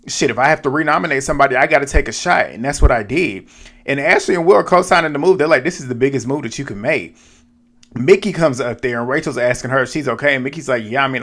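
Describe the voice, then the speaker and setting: Blunt, slangy young man recapping a show. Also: mid-range voice. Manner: animated, blunt, slangy, talks straight to viewers. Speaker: reality show recap vlogger. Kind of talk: casual episode recap and commentary.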